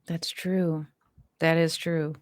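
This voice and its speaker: A woman's voice: low-pitched, level tone, slow pace, dry recording. A woman playing a tabletop role-playing game, talking in a chatty, playful way. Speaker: player. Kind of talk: casual tabletop role-play.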